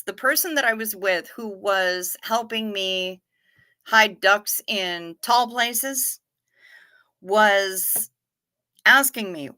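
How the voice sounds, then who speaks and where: A woman's voice: mid-range voice, bright, forceful tone. A woman hosting a casual livestream chat, swearing freely and talking with her viewers. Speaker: livestream host.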